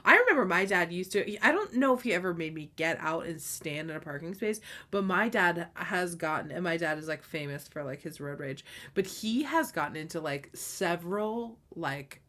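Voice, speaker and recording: A woman's voice: lowish voice, lively intonation, normal speed, pushed and bright. A woman co-hosting a casual chat, talking freely with swearing and frequent laughter. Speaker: podcast co-host.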